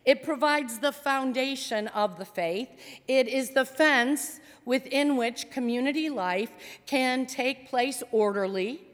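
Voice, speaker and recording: A woman pastor preaching a sermon, retelling a story with dramatic pauses in a church sanctuary. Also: sits high. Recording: long church reverb.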